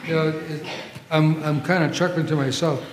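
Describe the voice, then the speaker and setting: A man's voice: fairly high pitch, fairly even intonation, normal speed, slight background noise. A male pastor preaching a sermon in a church, conversational, with asides to the congregation. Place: large church sanctuary. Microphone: troublesome handheld or body mic. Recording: echoey church hall with long reverb.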